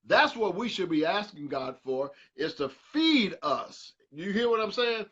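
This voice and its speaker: Middle-aged man, pastor, sermon, husky, preacherly, repeats himself, lo-fi dull recording. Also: high voice, very animated, unhurried, fairly bright tone. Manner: preacherly, repeats words and restarts, asks the listeners directly. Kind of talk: sermon from a live online Bible study. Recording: dull lo-fi sound with faint music.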